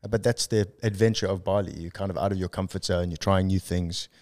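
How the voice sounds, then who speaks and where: Low-voiced South African man, easygoing. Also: fairly even intonation, a little mellow. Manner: easygoing, reflective, with frequent "uh" pauses. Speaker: podcast guest. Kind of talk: casual podcast conversation.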